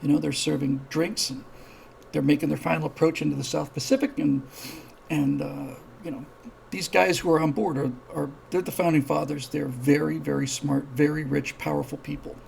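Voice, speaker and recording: On a low-quality recording with slight background noise, a man hosts a live-streamed show and spins a casual, rambling story, restarting frequently and performing the characters' dialogue. His voice leans high, steady in tone, creaky and a touch mellow, at a moderate pace.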